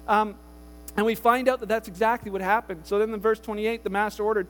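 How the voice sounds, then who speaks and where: A man's voice: high-pitched, fast talker, in a large hall. A man pastor giving a conversational sermon, retelling a story with casual asides. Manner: animated storytelling, acts out voices, casual asides.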